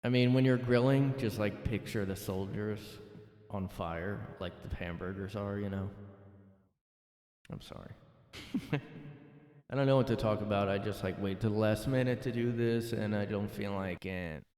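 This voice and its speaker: A man's voice: lowish voice, moderate pace, a little mellow, no room sound, studio quality. Sarcastic, profane young man ranting. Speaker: podcast host. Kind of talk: casual solo podcast rant. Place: his own room.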